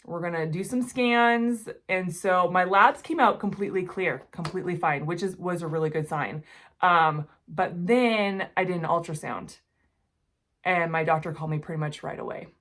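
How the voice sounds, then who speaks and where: A woman in her forties telling a personal story to the camera, earnest and emotional, often speaking quietly. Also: fairly low pitch, moderate pace. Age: 40s. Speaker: jewelry-making channel host.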